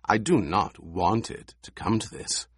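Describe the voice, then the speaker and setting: A man's voice: lowish voice, lively intonation, unhurried, slightly rough, no room sound, clean studio sound. A man doing a silky, menacing baron. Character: scheming menacing male baron, smooth and cold.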